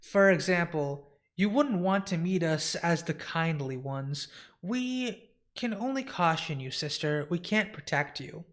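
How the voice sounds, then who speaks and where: Guy reading as spooky old fates, cryptic and riddling, a bit higher voice. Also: animated, unhurried, fairly bright tone. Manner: cryptic, archaic endearments. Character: eerie trio of ancient female fates.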